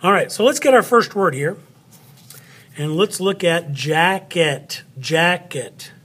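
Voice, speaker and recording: A man's voice: sits high, lively intonation, a bit bright, husky. A man teaching children a spelling lesson, playful and patient, talking straight to them. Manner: playful, slow and patient, speaks to an unseen child.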